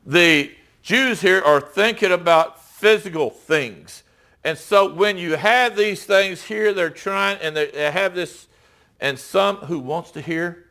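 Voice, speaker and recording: A man's voice: sits high, lively intonation, measured pace, sharp tone. A middle-aged man preaching a sermon and reading Bible verses in a conversational, emphatic way, asking his listeners rhetorical questions.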